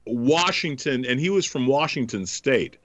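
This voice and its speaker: A man's voice: medium pitch, lively intonation, measured pace, fairly bright tone, dry recording. A man hosting a podcast, telling old radio stories with enthusiasm and frequent laughter. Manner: enthusiastic storyteller, laughs often. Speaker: podcast host. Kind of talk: casual chat.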